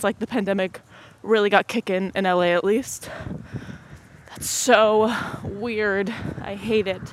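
A young woman hosting a solo podcast. She has a cold, is out of breath while walking outside, and rambles in a joking, self-deprecating way. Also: mid-range voice. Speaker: podcast host. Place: outdoors on a windy street while walking. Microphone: headset mic on headphones. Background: passing cars and wind.

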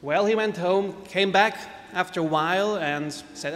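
A man giving a measured acceptance speech explaining a medical study. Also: high-pitched, fairly bright tone. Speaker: researcher giving prize speech. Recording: echoey hall with faint music.

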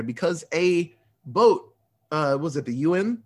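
A man casually recapping a movie plot, animated and profane, acting out the characters' lines as he goes. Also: fairly high pitch, measured pace.

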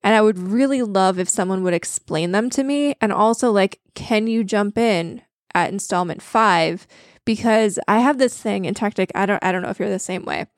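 A woman's voice: mid-range voice, normal speed, no room sound, studio quality. Chatty woman podcast co-host. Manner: chatty, self-deprecating, candid. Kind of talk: casual chat.

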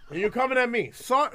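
A man's voice: very high-pitched, pushed and bright, a little hiss or hum. A man who does stand-up, telling a story in casual podcast chat, swearing and laughing as he goes. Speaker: stand-up comedian. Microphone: studio mic on camera.

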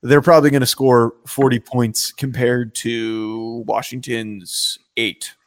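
A man's voice: medium pitch, flat delivery, takes it slowly. Emphatic man in casual sports banter. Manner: blunt, emphatic, laughs easily. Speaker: podcast co-host. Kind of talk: casual sports-picks chat.

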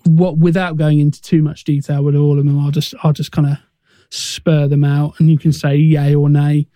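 A man co-hosting a film podcast, talking casually in a measured, hesitant way with frequent restarts. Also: on the high side, flat delivery, mellow, no echo. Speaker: podcast co-host.

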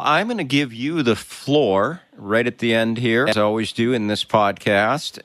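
A man hosts a podcast in an easygoing, conversational manner. His voice sits in a middle pitch, recorded dry with no room sound. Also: fairly bright tone, no room sound. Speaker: podcast host. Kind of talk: podcast interview.

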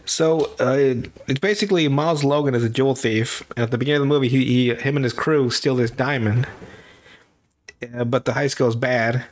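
A man's voice: medium pitch, moderate pace. A man with a stuffy nose, co-hosting a podcast and recapping a movie in a rambling, casual way. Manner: rambling, self-correcting, swears and laughs. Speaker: podcast co-host.

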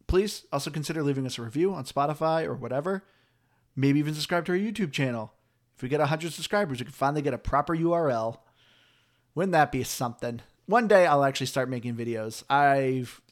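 A man hosting a casual gaming podcast, chatty and upbeat, laughing easily. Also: a little high. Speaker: podcast host. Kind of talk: casual chat.

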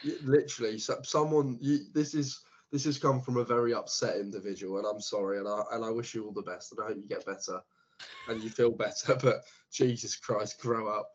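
Young man, husky casual podcast chat. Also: lowish voice, fairly even intonation, fairly quick, muffled recording. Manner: chatty, swears freely, laughs often. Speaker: podcast co-host.

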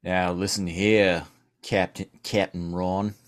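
A man doing a gruff Aussie polar bear. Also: low voice, flat delivery, takes it slowly, voice pushed down. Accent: put-on Australian. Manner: gruff, slangy, says mate. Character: brash male polar bear with Australian accent.

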